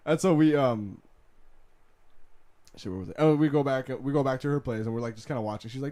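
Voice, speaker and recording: A man's voice: medium pitch, fairly quick, pauses often, dark tone. A young man telling a story in casual chat, rambling with many restarts and fillers and laughing often. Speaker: podcast host.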